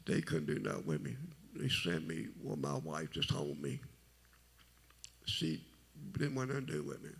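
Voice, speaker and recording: Man, middle-aged, gravelly, breathy-husky, rambling testimony. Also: big pitch swings. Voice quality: very deep, gravelly voice. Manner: rambling, halting, folksy storytelling. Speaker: testimony speaker. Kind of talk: personal testimony at a church service.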